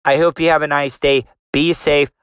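A man's voice: fairly high pitch, little pitch movement, normal speed, background noise. A man hosting a casual solo podcast, rambling and joking with a profane edge and what he calls a nerdy voice. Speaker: podcast host.

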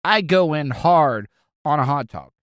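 A man's voice: on the high side, animated, unhurried, fairly bright tone, dry recording, clean studio sound. Rambling crude-humored male podcast host. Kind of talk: casual solo monologue.

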